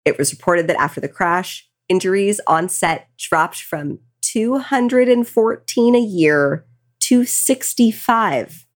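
A woman's voice: medium pitch, expressive, takes it slowly. A tipsy woman co-hosting a podcast, retelling a true crime case casually with angry asides. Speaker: podcast co-host.

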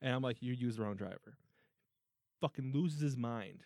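Animated storytelling man, dry mic. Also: medium pitch, moderate pace, gravelly, no echo. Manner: animated, swearing, laughing storyteller. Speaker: podcast co-host. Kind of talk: casual storytelling chat.

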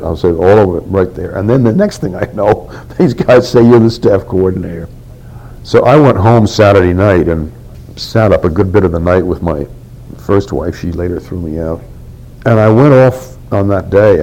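A man's voice: low voice, dark tone, low-quality recording. An older man telling a candid story from his past in an oral history interview, acting out what others said.

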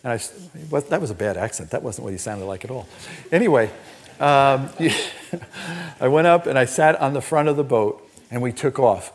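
An older man preaching a sermon as pastor, telling personal stories in an animated, emphatic way. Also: medium pitch, normal speed. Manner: storytelling, animated and emphatic, laughs at own stories. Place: church.

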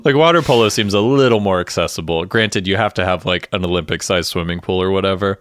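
A man co-hosting a podcast, chatting casually and acting out TV scenes with quick voices. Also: low voice, no room sound. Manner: animated, acts out scenes with voices. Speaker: podcast co-host. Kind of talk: casual chat recapping a TV episode.

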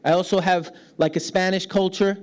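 A man from New York City with a clear New York accent preaches a lively sermon. His voice sits a little high for a man, and he keeps breaking into laughter as he acts out the voices of people he quotes. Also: moderate pace. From New York City, United States. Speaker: pastor.

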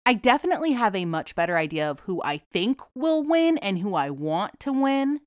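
A young woman from New England with a light Boston accent, hosting a casual solo podcast in a rambling, fast, profane and self-deprecating way. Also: mid-range voice, very animated, dry recording, clean studio sound. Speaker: podcast host.

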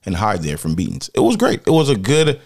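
A man co-hosting a podcast, blunt and animated, swearing freely as he talks. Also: lowish voice, a little fast. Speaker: podcast co-host. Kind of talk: casual podcast chat.

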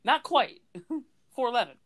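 A man's voice: very high voice, animated, normal speed, a bit bright. A young man co-hosting a podcast in casual chat with friends; he laughs often and pokes fun at himself. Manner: laughs often, self-mocking. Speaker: podcast co-host.

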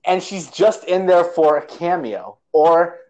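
A man in casual movie-review chat, his voice sitting a little high. He rambles, restarts his sentences and tosses in sarcastic digs. His delivery is loose and conversational. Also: lively intonation, unhurried, darkish tone, dull audio. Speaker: podcast co-host, movie reviewer.

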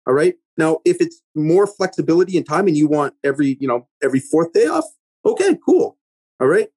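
A man's voice: fairly high pitch, sing-song, a little fast, darkish tone, husky, no echo. A man talking about managing and keeping young workers in a casual podcast conversation, emphatic and coaching, often checking in with "right?".

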